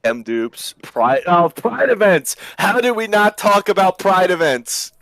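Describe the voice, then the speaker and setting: A man's voice: sits high, expressive, measured pace, a bit bright, dry recording. A man co-hosting a podcast in casual chat, joking around and laughing often as he rambles. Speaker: podcast co-host.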